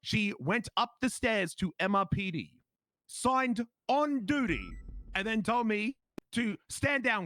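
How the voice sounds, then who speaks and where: Indignant Australian man with a lively voice. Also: sits high, slow. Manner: indignant, emphatic, repetitive. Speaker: police officer in a role-play game. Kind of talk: in-character role-play storytelling.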